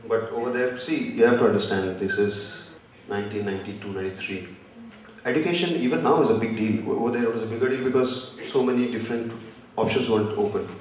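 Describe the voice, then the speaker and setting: A man's voice: on the low side, fast talker, a little hiss or hum. A man from India, speaking bluntly as an author and guest at a live festival session. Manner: blunt, storytelling. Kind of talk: live panel conversation. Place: festival session stage, large hall. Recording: echoey hall, distant mic.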